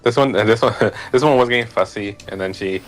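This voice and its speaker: A man's voice: fairly low pitch, fairly quick, low-quality recording. A man joining a game stream's voice chat, telling a rambling everyday story with lots of fillers. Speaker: guest on the stream. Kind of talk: casual chat.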